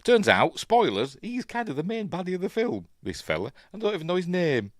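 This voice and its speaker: A man's voice: high voice, very animated, a little fast, no echo. A man with a Yorkshire accent casually commentating on an old film as he watches, rambling and chatty with lots of fillers. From Yorkshire, England. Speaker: film review host.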